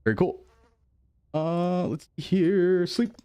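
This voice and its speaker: A man's voice: high voice, takes it slowly, dark tone, clear, resonant tone. A male streamer in casual gameplay chat, rambling to himself and his chat, jumpy and easily startled.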